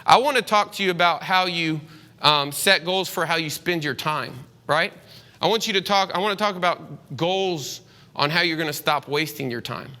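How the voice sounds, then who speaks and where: Bright, rambling man giving a talk. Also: fairly high pitch, moderate pace. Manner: rambling, hesitant, with many fillers and restarts; chatty and candid, slips into slang. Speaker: speaker presenting to a room of real estate agents. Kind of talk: casual live talk.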